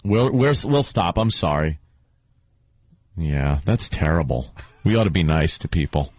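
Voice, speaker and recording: Slow-talking man on talk radio. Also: low voice, expressive, a little mellow, no room sound. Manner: mocking, slips into put-on voices. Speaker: radio co-host. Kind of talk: comedy talk radio banter.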